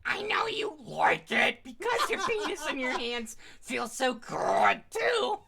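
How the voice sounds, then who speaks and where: A woman's voice: high-pitched, huge pitch swings, takes it slowly, gravelly, a crowd in the background, heavily acted. A woman hamming up a gushing breathless young woman.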